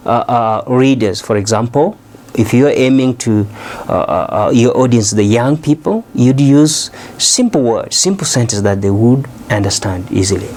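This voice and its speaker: A man teaching a recorded English lesson. He explains step by step, often pausing on "uh" and checking in with "okay?". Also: medium pitch, a little mellow, slight background noise.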